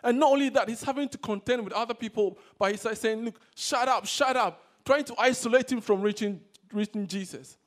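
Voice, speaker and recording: High-pitched preacher swinging loud and soft. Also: male voice, fairly quick, few pauses. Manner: swings between loud exhortation and quiet asides. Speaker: pastor. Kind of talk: sermon. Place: church service.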